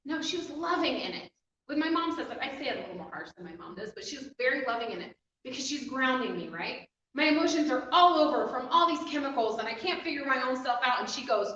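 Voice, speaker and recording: A woman with a bright, higher-pitched voice tells a heartfelt personal story, animated and quick to laugh. She sounds far from the mic in a very echoey room, and the recording is slightly dull with faint background noise. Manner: animated, emotional storyteller who laughs often. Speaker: inspirational speaker. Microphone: distant mic.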